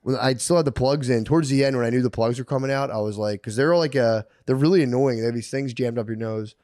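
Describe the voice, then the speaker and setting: A man's voice: medium pitch, fast talker, no room sound. Man telling stories, dry close sound. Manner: animated storytelling, acts out quotes with yelps. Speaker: podcast co-host. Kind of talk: casual chat.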